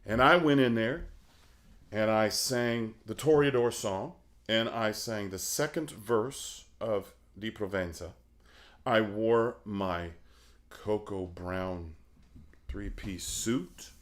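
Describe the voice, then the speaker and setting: Appearing as a guest in a relaxed interview, this middle-aged opera baritone spins lively anecdotes, mimicking the characters' voices and laughing frequently. He speaks slowly in a lowish register.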